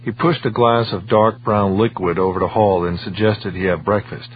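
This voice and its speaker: A man with a low voice narrates an audiobook in a measured, even way. The recording is dull and lo-fi, with a faint hum underneath.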